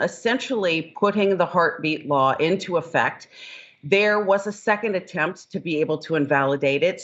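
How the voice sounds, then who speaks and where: A woman legal scholar, interviewed as a guest, explaining court matters in a measured, precise, lawyerly way. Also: on the low side, highs cut off.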